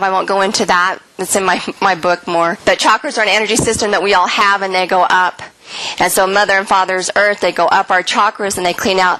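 A middle-aged woman speaks earnestly to an audience about spirit and energy, telling her stories animatedly. Her voice has a bright, forward ring. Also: medium pitch, no room sound, poor audio. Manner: earnest, animated storytelling, acts out quoted voices. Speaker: speaker and author.

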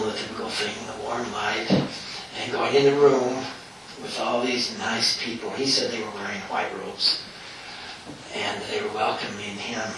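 A man's voice: lowish voice, background noise. A man giving an anecdotal talk to an audience as an author, telling stories in a chatty way with frequent chuckles and fillers. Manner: chatty storyteller, chuckles often, many fillers. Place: meeting room with an audience. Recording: echoey room from far off.

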